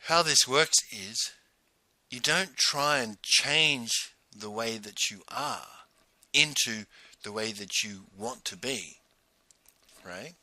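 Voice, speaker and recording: Bright, animated man telling a story. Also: mid-range voice, takes it slowly, no room sound. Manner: animated, laughs while telling stories. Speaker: host. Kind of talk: casual storytelling monologue.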